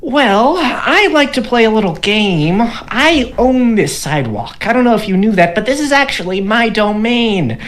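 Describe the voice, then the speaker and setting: A woman's voice: a little high, very animated, normal speed, few pauses, voice pushed up. A woman voicing a mischievous male gnome who steals phones, giggling and teasing with pompous speeches. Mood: grandiose.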